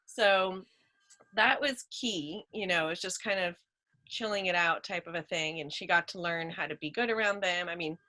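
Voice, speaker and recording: Bright-voiced chatty woman. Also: fairly low pitch, normal speed, low-quality recording. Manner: chatty, full of "you know" and "like". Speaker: guest, dog rescuer. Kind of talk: casual chat.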